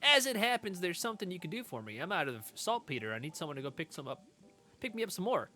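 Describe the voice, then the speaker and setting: A man putting on a pushy saloon chef who barks orders in a raised, sharp voice. His tone swings around with impatience, over faint game music. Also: sits high, very animated, fast talker, pitched above the performer's own voice, heavily acted. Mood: bossy. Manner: bossy, snappy.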